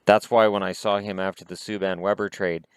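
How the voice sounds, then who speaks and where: A Canadian man in his thirties talks casually about hockey, reading bits aloud and cutting in with dry, sarcastic comments. His voice sits low and sounds smooth and resonant. The recording is close and dry, with no room sound. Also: flat delivery, fairly quick, dry recording. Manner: sarcastic, adds snide asides to what he reads. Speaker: hockey vlog host.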